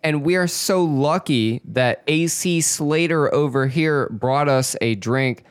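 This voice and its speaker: A woman's voice: low-pitched, slow pace, clean tone, no room sound. A woman hosting a casual drink-tasting show, opening it with an upbeat introduction. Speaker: host. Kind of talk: casual chat.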